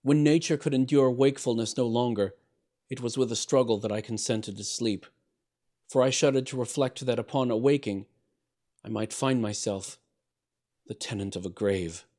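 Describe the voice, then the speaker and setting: A man narrating a gothic story in a measured, theatrical manner, swelling louder on dramatic phrases and dropping soft at their ends. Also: mid-range voice.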